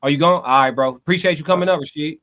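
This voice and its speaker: Bright-voiced man hosting a live stream. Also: on the high side, very fast. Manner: laid-back, slangy, teasing callers. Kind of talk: casual chat.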